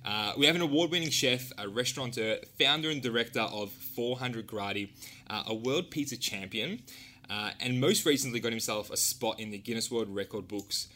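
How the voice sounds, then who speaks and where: Bright-voiced man firing quick interview questions. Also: mid-range voice, a little hiss or hum. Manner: friendly, energetic, playful. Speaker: podcast host, interviewer. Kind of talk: casual interview, rapid-fire questions.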